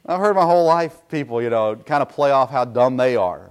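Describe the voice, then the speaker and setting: A man's voice: medium pitch, animated, fairly quick, clean tone. A middle-aged pastor preaching a sermon in a folksy, self-deprecating way, with asides to his congregation.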